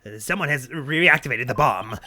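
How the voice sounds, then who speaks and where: A man's voice: medium pitch, expressive, brisk, noisy background, natural voice. A man voicing a nervous, stammering male officer making an announcement in a video game. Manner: hesitant, stammering.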